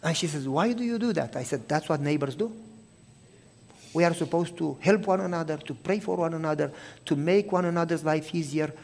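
A man preaching by telling a story, acting out each person's lines and dropping to a hush for tender moments. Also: on the high side, fairly quick, gravelly. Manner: animated storytelling, acting out both sides of the talk; drops to a hushed, soft voice for tender moments. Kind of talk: sermon storytelling.

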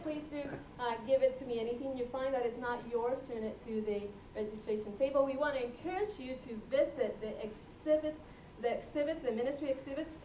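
A woman making chatty, joking announcements at a gathering in a large hall. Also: on the high side. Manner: chatty, joking, slow and deliberate. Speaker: event announcer. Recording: echoey hall from far off, faint noise.

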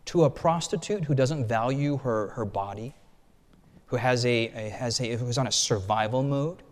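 A man's voice: medium pitch, moderate pace. A male pastor giving a sermon to his congregation in a colloquial, emphatic way, acting out the stories he tells. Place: church sanctuary. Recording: long hall reverb.

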